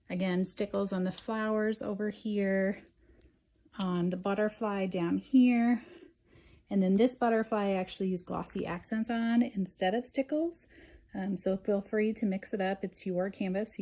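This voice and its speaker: A woman giving a relaxed craft tutorial, talking through each step in a casual, unhurried way. She leans on frequent ums and small restarts as she explains. Her pitch sits in a middle range for a woman. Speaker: craft instructor.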